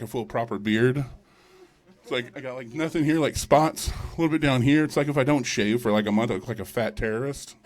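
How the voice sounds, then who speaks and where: A man doing a stand-up comedy set at a live show, crude and rambling, teasing the crowd. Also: medium pitch.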